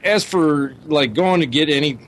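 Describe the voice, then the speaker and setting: A man's voice: on the high side, moderate pace, a bit bright. A man on a podcast rambling about his childhood, filling his speech with 'you know' and 'like'. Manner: rambling, many you-knows and likes. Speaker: podcast co-host. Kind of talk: casual chat.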